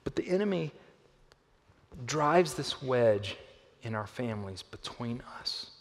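A male pastor delivers a sermon in a church auditorium, his voice ringing with a long hall reverb. He swings from loud, lifted emphasis down to hushed, low lines, with playful asides along the way. His pitch sits in an ordinary middle range for a man. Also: lively intonation, takes it slowly. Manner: playful asides with a volunteer on stage.

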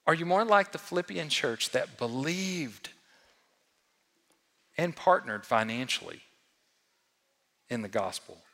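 A man preaching a sermon to a congregation, swinging between loud emphatic lines and hushed ones and asking the room questions. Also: a little high, lively intonation, slow, pauses often. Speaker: pastor. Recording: long hall reverb.

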